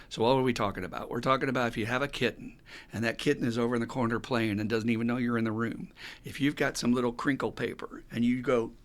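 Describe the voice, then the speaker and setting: Gravelly-voiced man, lively recovery talk. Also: medium pitch. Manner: animated storytelling with acted quotes and frequent laughs. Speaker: recovery counselor and podcast host. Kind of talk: casual teaching talk.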